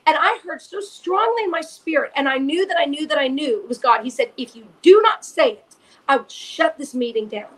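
A woman co-hosting a faith podcast, telling an animated personal story and repeating phrases for emphasis. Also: high voice, a little fast. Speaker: podcast co-host. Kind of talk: casual chat, storytelling testimony.

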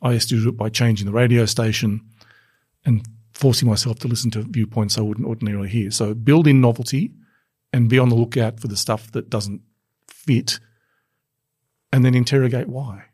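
Give me a man with a husky voice, recorded dry and close, reflectively explaining ideas on a podcast panel. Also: medium pitch, fairly even intonation, moderate pace, pauses often, darkish tone, no echo. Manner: reflective, explains with anecdotes and maxims. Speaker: futures analyst guest.

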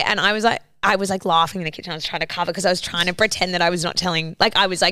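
A woman's voice: mid-range voice, quick pace, smooth, no echo. A woman, co-hosting a casual podcast and retelling stories, acting out what people said and swearing freely. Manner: animated storyteller, acts out quoted lines, swears freely. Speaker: podcast co-host. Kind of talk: casual chat.

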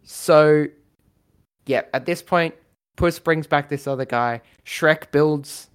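A man in casual chat, rambling through a story idea with lots of fillers and quick acted-out lines. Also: a little high, smooth.

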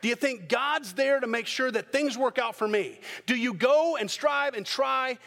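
A man preaching a sermon as pastor, telling the story in a lively way and acting out the characters' voices. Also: very high voice, normal speed, long reverb tail.

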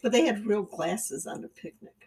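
A woman's voice: medium pitch, normal speed, darkish tone, slightly rough. An older woman in her seventies co-hosting a casual movie review chat, dropping dry, wry one-liners. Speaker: podcast co-host.

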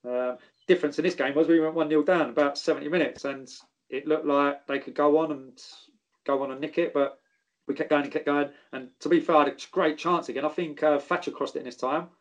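A man recounts his football days in a casual, animated way, cursing freely. His voice sits a little high for a man. He keeps the story moving with plenty of fillers. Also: brisk. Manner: swears freely, animated anecdotes. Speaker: former footballer guest.

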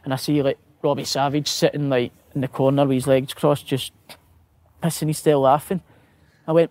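A man's voice: medium pitch, little pitch movement, a little fast, darkish tone, no room sound. A Scottish man, a footballer guest, telling anecdotes with laughter, swearing and acted-out quotes. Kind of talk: casual storytelling.

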